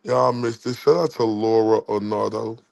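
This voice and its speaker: Gravelly man ranting profanely. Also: on the low side, steady tone, normal speed, a little mellow. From Dallas, Texas. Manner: profane, insulting, repetitive ranting. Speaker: livestream host. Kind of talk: heated livestream rant.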